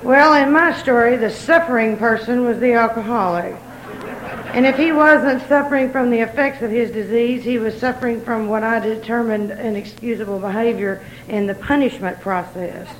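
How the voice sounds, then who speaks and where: A woman's voice: fairly high pitch, normal speed, a faint crowd, slight background noise, poor audio. A woman speaking to a recovery meeting, folksy and teasing, laughing as she talks. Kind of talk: casual speech to an audience.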